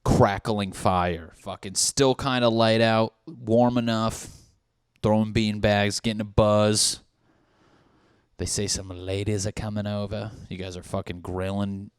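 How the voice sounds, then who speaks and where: A man's voice: fairly low pitch, steady tone, a little slow, clear, resonant tone, no echo, clean studio sound. A man in his thirties hosting a podcast as a casual, comedic solo monologue. He rambles and swears freely as he riffs on party scenarios. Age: 30s. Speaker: podcast host.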